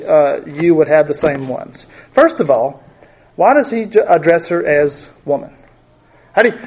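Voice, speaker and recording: A middle-aged man teaching a Bible study in a conversational way, often asking his group questions. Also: a little high.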